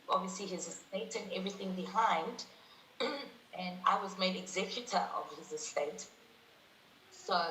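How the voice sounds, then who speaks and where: A woman in her twenties tells her story as an interview guest, with a bright, forceful voice. She talks with animation, acting out what people said and laughing often. The recording carries a roomy echo and faint background noise. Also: mid-range voice. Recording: echoey room.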